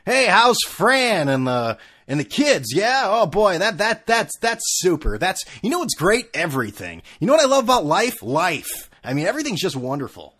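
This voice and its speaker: A gushing, cheerful middle-aged man in a locker room, put on by a man, chirping in a sugary sing-song. His voice rides high and swoops around with eager energy, and it has a husky edge. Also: big pitch swings, normal speed, fairly bright tone, heavily acted.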